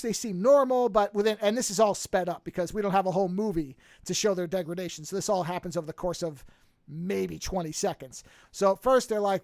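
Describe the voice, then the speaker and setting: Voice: mid-range voice, no room sound, clean studio sound. A podcast host casually retelling a movie plot and acting out the characters' lines in different voices. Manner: animated, acts out quotes with shifting voices.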